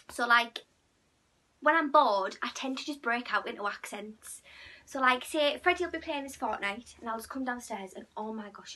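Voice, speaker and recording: A young woman chatting casually to camera as a vlogger, playful and a little croaky, sometimes dropping to a near whisper. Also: on the high side, sharp tone. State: slightly croaky.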